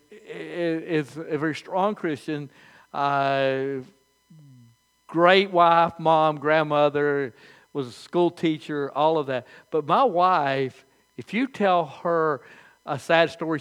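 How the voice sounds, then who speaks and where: A man's voice: on the high side, clear, resonant tone. Older male pastor, folksy sermon. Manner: folksy storytelling, animated, halting restarts.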